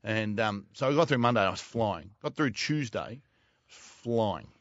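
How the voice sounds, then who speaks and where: A man's voice: fairly low pitch, animated, unhurried, no room sound. A middle-aged Australian man, a former footballer, telling a story in casual podcast chat, blunt and swearing. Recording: dull lo-fi dry sound.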